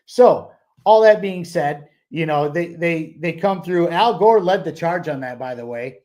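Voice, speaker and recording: A man's voice: on the high side, lively intonation, a little slow, mellow. A man co-hosting a book club podcast, talking in a loose, rambling way with many fillers and restarts. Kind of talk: casual podcast discussion.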